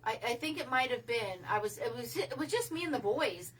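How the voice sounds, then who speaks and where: A woman's voice: a little high, expressive, brisk, fairly bright tone, distant mic, a little hiss or hum, rough recording. A woman casually telling a long story on a livestream, rambling and restarting her sentences, swearing now and then.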